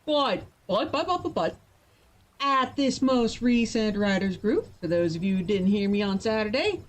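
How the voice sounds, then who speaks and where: A woman's voice: medium pitch, animated. A tired woman chatting playfully with her live-stream viewers as she gets ready to write. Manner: chatty and playful, quick to laugh. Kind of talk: casual live-stream chat.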